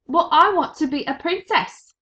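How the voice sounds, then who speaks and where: A woman reading aloud voices a rough, simple young serving girl who talks high, loud and shrill, with a rustic way of speaking. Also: expressive, moderate pace. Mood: whiny. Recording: dull lo-fi recording.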